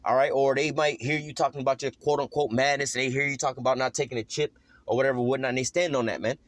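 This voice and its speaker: A man preaches a casual scripture lesson, talking quickly and loosely, with "man" and "you know" in nearly every breath. His voice sits at an ordinary middle pitch. The recording is dry and close, with almost no room sound. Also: steady tone, no room sound. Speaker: lay preacher.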